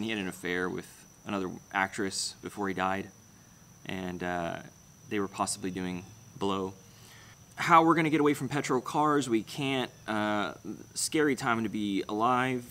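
A man's voice: lowish voice, fairly bright tone. Young guy rambling thru comments, blunt, swears a lot, faint hiss behind. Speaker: channel host. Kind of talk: casual livestream comment chat.

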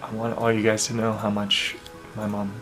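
A man vlogging to camera in a heartfelt, casual way, halting and full of pauses and ums. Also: on the low side, completely flat delivery, a bit bright, low-quality recording. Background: music playing.

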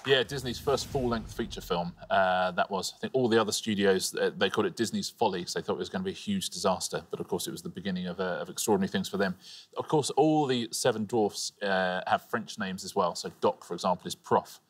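Low-voiced quiz co-host. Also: male voice, quick pace, breathy edge, some chatter behind. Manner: relaxed, informative, wry. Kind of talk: chatty trivia commentary. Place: TV studio.

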